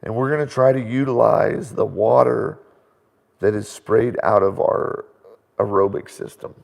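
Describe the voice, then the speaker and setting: A middle-aged man hosting a casual live question-and-answer chat at home, an animated storyteller who laughs often. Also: lowish voice, a little slow, gravelly. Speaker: host. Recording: reverberant room sound.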